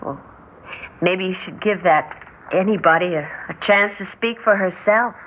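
An actress playing a quiet, weary young mother who speaks softly and hesitantly in an old radio drama. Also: fairly low pitch, normal speed, close to an everyday voice. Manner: soft-spoken, hesitant. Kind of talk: 1950s radio drama acting. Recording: tinny old radio broadcast with faint hiss.

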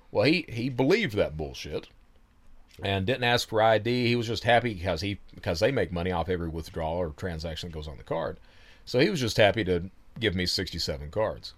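A man telling his story in a casual interview, animated, laughing often and swearing freely. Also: deep voice, brisk. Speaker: guest.

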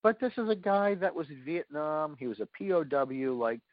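A man telling anecdotes in a casual, animated way, full of fillers, as an interview guest. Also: fairly high pitch, normal speed, no room sound, narrow, tinny audio. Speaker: paranormal investigator guest. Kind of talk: casual storytelling.

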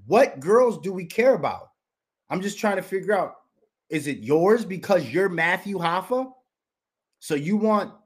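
A fired-up man hosts his podcast and rants at a rival, firing off one rhetorical question after another. His voice sits a little high for a man. He keeps hammering the same name over and over for emphasis. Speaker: podcast host. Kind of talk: heated commentary rant.

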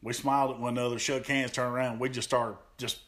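A man's voice: medium pitch, little pitch movement, fast talker, fairly bright tone. A man in a podcast interview recounts old wrestling matches with animation. He talks in a mid-range voice, slipping into acted-out quotes and laughing often. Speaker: podcast guest, pro wrestler. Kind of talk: storytelling in an interview.

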